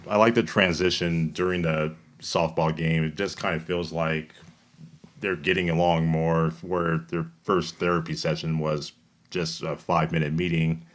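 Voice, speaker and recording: A man with a very deep, flat voice joining a casual podcast panel on a film. He talks in a measured way and hedges often with "kind of". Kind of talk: casual chat about a film.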